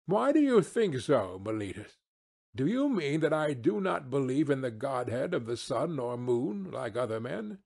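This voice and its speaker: A man reading a philosophical defence speech for an audiobook, measured and rhetorical, slowing down on key phrases for emphasis. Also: medium pitch, darkish tone. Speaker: audiobook reader.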